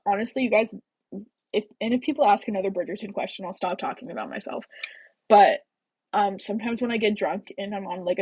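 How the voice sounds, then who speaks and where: Young American woman hosting a casual book livestream, breathy voice, rambling chat, dry close sound. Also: medium pitch, a little mellow, no room sound, rough recording. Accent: general American. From American Midwest. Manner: rambling, heavy on fillers, swears casually. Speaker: book club livestream host.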